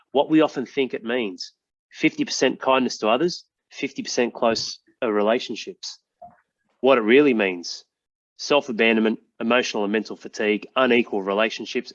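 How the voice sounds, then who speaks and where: A man's voice: mid-range voice, lo-fi sound. A man hosting a casual podcast interview, talking emphatically, swearing now and then and calling his guest mate. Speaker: podcast host.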